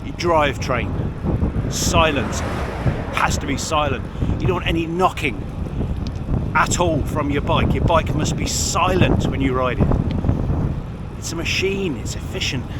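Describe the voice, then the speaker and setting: A man's voice: fairly high pitch, lively intonation, measured pace, pauses often. A man vlogging about cycling while he rides outdoors, talking in a grumpy, wry and self-mocking way. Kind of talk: casual vlog talk while riding. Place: outdoors on a bike on the road. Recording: loud road and wind noise.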